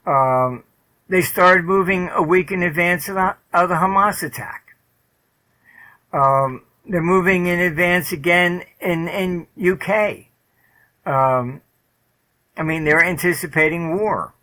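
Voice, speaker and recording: Blunt rambling man, bright tone. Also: high voice, takes it slowly, low-quality recording. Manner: blunt, rambling, many "um" and "you know" fillers, swears. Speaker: interview guest, market forecaster. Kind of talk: casual interview talk, storytelling.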